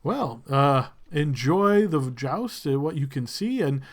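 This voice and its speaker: A man's voice: a little high, very animated, slow pace, full character voice. A man doing a courteous young lord.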